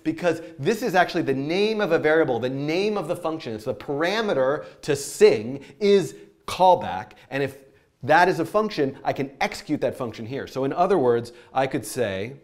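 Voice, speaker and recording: A man talking through code as he writes it, animated and a little scattered. He rambles, corrects himself and laughs at his own mistakes, keeping the lesson loose and informal. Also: mid-range voice. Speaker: programming teacher. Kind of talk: live-coding tutorial.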